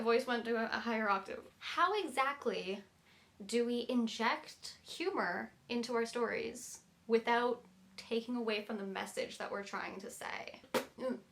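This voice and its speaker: A woman's voice: on the high side, fairly bright tone. A young woman talking to camera about writing, chatty and rambling, often breaking off into asides. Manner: chatty, rambling, self-interrupting with likes and digressions. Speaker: writing vlogger. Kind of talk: casual talk to camera.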